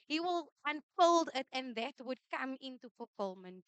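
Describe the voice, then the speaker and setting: Lady giving a church message, high voice, dry sound, repeats stuff for emphasis. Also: animated, normal speed, fairly bright tone, clear, resonant tone, no echo. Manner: switches between English and Afrikaans, repeats key lines for emphasis. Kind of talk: sermon. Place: church service.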